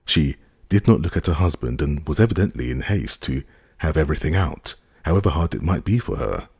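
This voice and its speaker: Very deep, gravelly male narrator. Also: lively intonation, fairly quick, darkish tone, no echo, clean studio sound. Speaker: audiobook narrator. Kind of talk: scripted narration.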